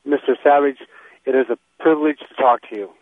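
A man's voice: mid-range voice, fairly quick, dry recording. A man calling in to a talk radio show, polite and a little hesitant. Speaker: caller. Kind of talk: call-in talk. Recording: tinny phone line.

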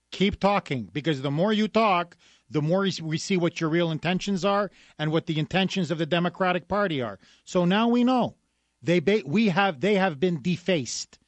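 Combative high-voiced radio host. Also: male voice, animated, moderate pace, no echo. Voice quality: emphatic, combative, repetitive. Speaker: radio talk show guest host. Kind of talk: opinionated talk radio monologue. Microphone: studio microphone.

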